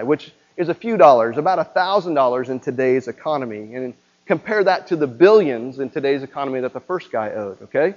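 Speaking briskly in an expressive, medium-pitched voice with a darkish tone, a pastor delivers a conversational sermon, peppering the congregation with rhetorical questions. The recording sounds muffled.

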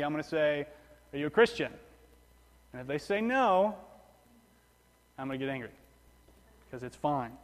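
A male pastor delivers a sermon in a plain, conversational way, often going back over his words and restarting phrases. His voice sits a little high for a man. A long reverb from the hall trails each phrase. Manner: conversational preaching with repetitions and restarts.

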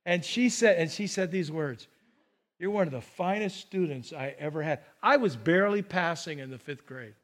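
An older man delivers a sermon in a church, his voice sitting high for a man. He tells his stories with animation and acts out the people in them. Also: normal speed. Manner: animated storytelling, acts out scenes. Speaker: pastor.

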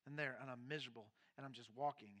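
A middle-aged man who is a pastor, telling his own story in a sermon, candid and shifting between quiet and emphatic moments. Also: medium pitch, fairly even intonation, quick pace. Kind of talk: sermon testimony.

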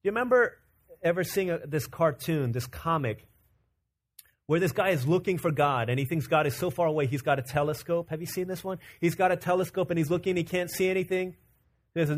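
A man from Virginia preaching a conversational, animated sermon as pastor. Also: fairly high pitch. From Virginia, USA. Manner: conversational and animated, acting out quick character quotes.

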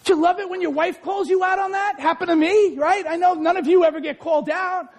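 Male pastor, very high voice, impassioned sermon, shouting then whispering, church. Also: fairly even intonation, a little fast.

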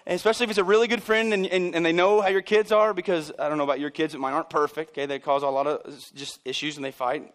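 Brief: male pastor in church, fairly high voice, casual humor, acts out quoted voices. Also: very fast, hardly any pauses, fairly bright tone. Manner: conversational and joking, acts out voices of people he quotes. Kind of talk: sermon.

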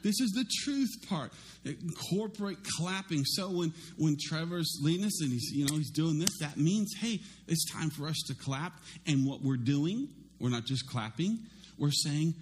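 A middle-aged male pastor preaching a sermon in a conversational, self-deprecating way, with lively swings in his voice. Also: a little high, a little slow, slight background noise.

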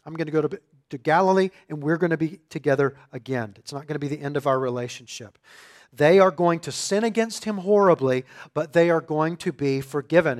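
Man, preacher, sermon, fairly high voice, emphatic, builds in volume. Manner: emphatic, swelling louder on key phrases. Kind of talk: expository sermon.

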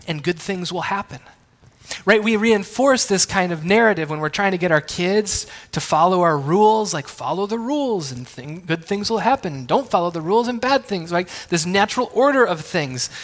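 Pastor, man in his thirties, high voice, chatty sermon with family anecdotes, long hall reverb. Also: fairly bright tone. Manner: conversational, self-deprecating, asks the audience questions.

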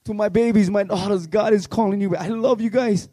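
High-voiced fervent preacher man. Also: steady tone, fairly quick, no echo. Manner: fervent, pleading, swings between shouting and hushed tones. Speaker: worship leader. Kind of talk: impassioned youth revival sermon.

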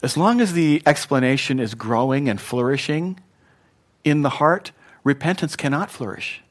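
A man preaching a sermon, emphatic, swinging between loud punchy lines and quiet ones and getting his audience to repeat words back. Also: a little high, animated, moderate pace. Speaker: pastor.

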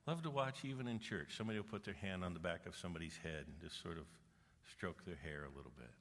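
A middle-aged man preaching a sermon, animated and humorous, rising to forceful exhortation. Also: low voice, fast. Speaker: pastor. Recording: long reverb of a large hall.

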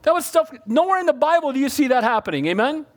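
A man preaching a sermon, calling out for amens and swinging between loud emphasis and hushed pleading. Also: very high voice, sing-song, fast talker. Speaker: pastor.

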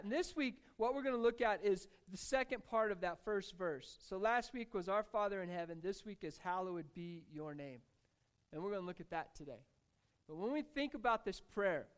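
Male pastor, high-pitched, easygoing preaching style that pulls in the congregation. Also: fairly bright tone. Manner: casual, conversational preaching with fillers; jokes with and engages the congregation. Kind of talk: sermon. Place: church in front of a congregation.

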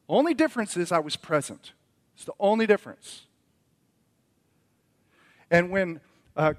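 Middle-aged pastor preaching a storytelling sermon. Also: male voice, high-pitched. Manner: storytelling, rising from quiet reflection to emphatic preaching.

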